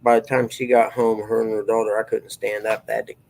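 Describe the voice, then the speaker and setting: A middle-aged man with a gravelly, rather low voice rambles through folksy personal stories, drawling loosely, trailing off and circling back. His delivery is fast, a little mellow, and fairly flat in pitch. It's casual storytelling chat, and the recording quality is low.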